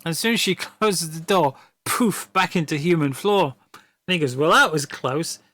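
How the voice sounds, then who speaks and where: A man's voice: on the high side, moderate pace, a bit bright, no echo. A man, a streamer rambling through a story in casual chat, stammering and laughing often.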